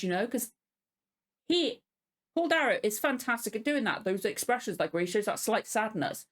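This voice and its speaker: A woman giving a casual spoken review as a reaction video host, ranting in exasperation, swearing often and apologizing as she goes. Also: on the high side.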